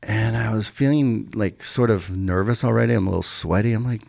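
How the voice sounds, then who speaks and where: A middle-aged man with a low, gravelly voice tells a personal story in a relaxed, casual way. He gets animated when he acts out the quotes in his story. The recording is close and dry, with no room sound. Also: a little fast, dry recording. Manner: animated when acting out quotes, laughs while telling. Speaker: podcast guest.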